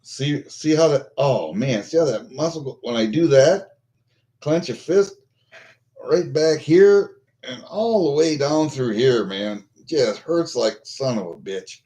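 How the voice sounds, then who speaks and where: A man's voice: mid-range voice, slow, mellow. An older American man venting angrily on a vlog, swearing constantly. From United States. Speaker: vlogger.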